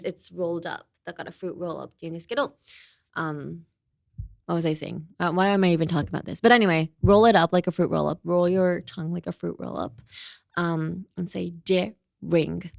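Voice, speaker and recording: A woman's voice: fairly low pitch, creaky, a little mellow, no echo. Brief: young woman, lesson host, giggly and chatty, dry studio mic. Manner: chatty, laughs often, mixes in Japanese. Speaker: host and English teacher. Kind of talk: casual language lesson.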